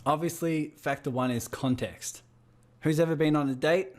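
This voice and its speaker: A man's voice: a little high, moderate pace, darkish tone. A man with an Australian accent leading a group coaching call over a video call, firing rhetorical questions at his listeners. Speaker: business coach.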